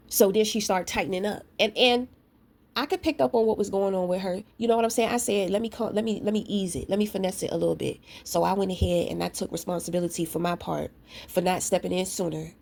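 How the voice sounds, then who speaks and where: A woman ranting straight to her camera, blunt and profane, with a confrontational edge. Her voice sits at a middling pitch for a woman. She tells her story in loose, casual talk, full of asides aimed at the listener. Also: a little mellow. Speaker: vlogger; parent.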